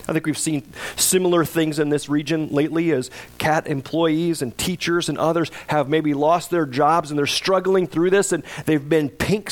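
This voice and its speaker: A middle-aged man preaching a sermon as pastor, talking to the congregation in a conversational way and acting out pleading cries in a raised voice. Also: fairly high pitch.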